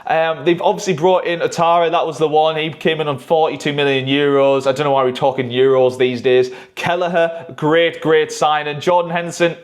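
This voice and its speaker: A man giving animated, opinionated football predictions in a casual vlog, swearing freely. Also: fairly high pitch. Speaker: YouTuber, football fan.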